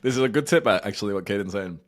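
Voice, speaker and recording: A man's voice: lowish voice, expressive, very fast. A young man giving blunt, casual advice as host, swearing freely and now and then acting out whiny, childish voices.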